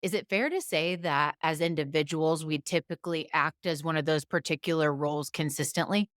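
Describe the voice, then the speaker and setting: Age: adult. Sex: woman. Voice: low and smooth. Role: guest. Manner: thoughtful. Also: fairly even intonation, fairly quick, a bit bright, dry recording, studio quality. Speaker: podcast guest. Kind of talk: conversational interview.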